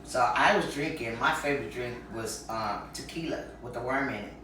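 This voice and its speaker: Woman, candid storytelling, frank, lively, quotes voices, roomy echo, faint background hum. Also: a bass voice, normal speed. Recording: very echoey room, mic far off.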